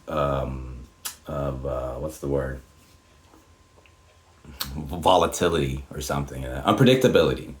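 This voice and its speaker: A man speaking English as a non-native language, delivering a long, unedited, profane and tangential rant straight to camera. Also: extremely low pitch. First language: not English. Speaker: YouTuber. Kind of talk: unscripted ranting monologue.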